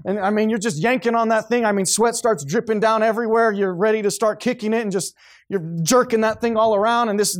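A man preaching a sermon to his congregation, swinging from quiet, low remarks to loud, high outbursts. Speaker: pastor.

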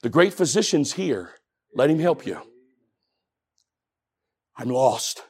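A man preaching a sermon, telling a story with animation and swinging from hushed tones up to shouting. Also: medium pitch, big pitch swings, slow pace, husky.

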